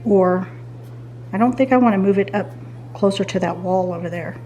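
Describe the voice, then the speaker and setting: A middle-aged woman chats casually to her viewers in a vlog while tidying her bedroom at home, thinking aloud as she weighs her choices. Her voice is mellow, medium in pitch and normal in speed, with a slight hiss or hum in the background.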